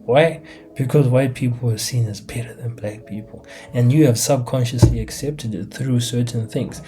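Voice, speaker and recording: Emphatic young man, dark voice. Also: medium pitch. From Africa. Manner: animated, emphatic, slangy, rhetorical questions. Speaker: commentator. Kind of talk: casual monologue to camera. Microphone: laptop mic.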